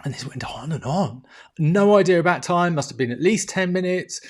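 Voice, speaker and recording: A man's voice: fairly high pitch, expressive, normal speed. A man vlogging a candid, emotional personal story to the camera, laughing often and swearing freely.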